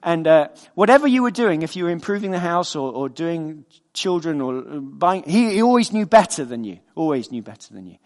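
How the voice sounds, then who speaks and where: A man's voice: a little high, big pitch swings, fairly quick, hardly any pauses, a little mellow. A male preacher giving a sermon in an earnest, conversational storytelling manner.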